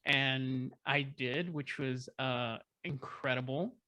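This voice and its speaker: A man chatting as an interview guest, telling a story in an excited, rambling way with lots of fillers. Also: mid-range voice, slow pace, no echo. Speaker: guest filmmaker. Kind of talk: casual storytelling.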